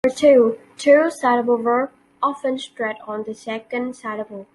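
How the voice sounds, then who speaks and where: A woman giving a class presentation, reading carefully and slowly with some non-native grammar slips. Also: on the high side, steady tone, slight background noise, poor audio. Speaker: student presenter. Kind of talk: class presentation on word stress.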